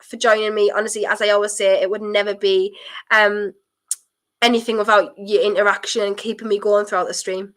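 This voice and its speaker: With a medium-pitched voice and a brisk delivery, this young woman chats with her viewers while hosting a live football watchalong stream. She reacts to the game with elated, breathless excitement.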